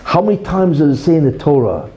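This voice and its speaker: Very dark-voiced emphatic male rabbi lecturing. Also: a little high, sing-song, fast, poor audio. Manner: emphatic, full of tag questions like "right?" and "you see"; teaches through a parable, acting out the quarrel in raised voices. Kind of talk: religious lecture.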